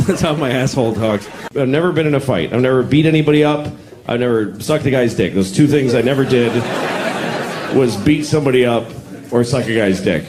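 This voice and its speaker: A man's voice: medium pitch, a little fast, noisy background. A man in his forties performing a stand-up comedy set, blunt, crude and self-deprecating, telling stories to a live audience. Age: 40s. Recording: live stage recording with crowd laughter.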